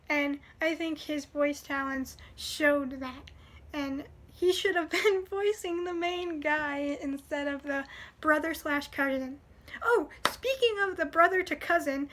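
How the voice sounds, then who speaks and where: A woman's voice: very high-pitched, fairly bright tone. A woman reviewing anime in casual chat, blunt and opinionated, with lots of "like" fillers.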